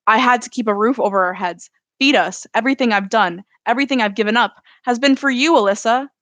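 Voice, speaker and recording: A woman's voice: a little high, fast, fairly bright tone, no echo, lightly acted. A woman voicing a worried, controlling single mother who speaks firmly and defensively. The voice is close and dry. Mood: strained. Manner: firm, strained and defensive.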